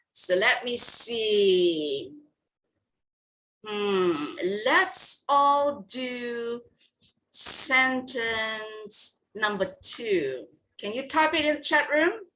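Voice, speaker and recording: Slow-paced woman teaching online. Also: a little high, lively intonation, a bit bright. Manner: slow, repeats words, checks in with "okay?" and "right?". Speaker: English teacher. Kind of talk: online class lesson. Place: video call.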